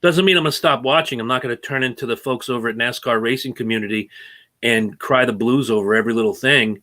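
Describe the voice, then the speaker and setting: A man co-hosting a casual racing podcast, opinionated and animated as he rants about rule changes. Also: medium pitch, fast talker. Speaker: co-host. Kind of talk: casual sports talk.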